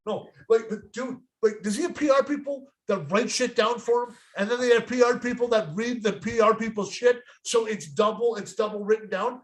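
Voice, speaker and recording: A man's voice: high voice, steady tone, moderate pace, hardly any pauses. A man co-hosting a casual chat show, brash and jokey, swearing and using slang freely. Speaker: podcast co-host.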